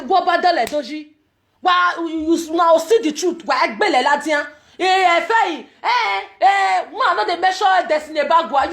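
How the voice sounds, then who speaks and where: Nigerian woman ranting on her vlog, super high voice, loud and repetitive. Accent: Nigerian Pidgin. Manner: emphatic, repetitive, loud outbursts. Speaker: vlogger. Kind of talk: ranting commentary.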